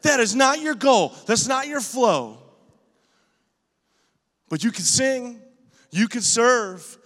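A man pastor preaching a lively sermon in a church auditorium, telling stories with emphasis and rising to shouts. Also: extremely high pitch, slow pace, big-room sound. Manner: emphatic, storytelling, rises to shouts.

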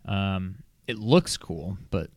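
A man with a lowish voice chatting casually as a podcast co-host, low-key and noncommittal, his sentences trailing off quietly. The sound is close and dry. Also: expressive, slow pace, no room sound. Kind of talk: casual chat.

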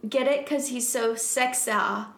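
A woman's voice: a little high, unhurried, a bit bright. A woman co-hosting a comedy podcast, reading a fan fiction aloud and laughing often. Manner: amused, often breaks into laughter while reading. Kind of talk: comedic reading and casual chat. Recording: roomy echo.

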